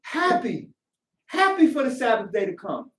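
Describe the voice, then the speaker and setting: Preaching in a worship hall at a moderate pace, this man has a very high voice and is captured from a distance amid heavy echo. Animated and occasionally shouting, he acts out congregants by quoting them in character.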